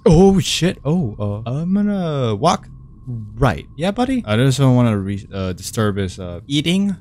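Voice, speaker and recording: A man's voice: mid-range voice, sing-song, a little slow, a little mellow. Jumpy, swearing young man playing horror. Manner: jumpy, swears a lot, easily startled; rambling, self-mocking venting. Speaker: gaming video creator. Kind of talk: horror game commentary.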